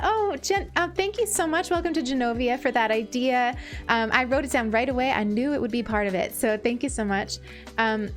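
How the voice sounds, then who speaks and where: Bubbly higher-pitched woman streamer. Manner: gushing, thanks viewers with many fillers. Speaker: streamer reading chat. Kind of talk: casual live-stream chat. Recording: faint background music.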